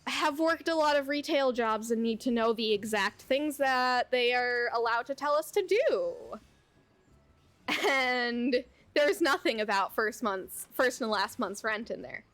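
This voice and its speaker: A young adult woman streamer telling a casual story at home while she plays, animated and chatty, full of "like" and the odd swear word. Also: on the high side, a little slow. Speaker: VTuber streamer. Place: home, at her computer.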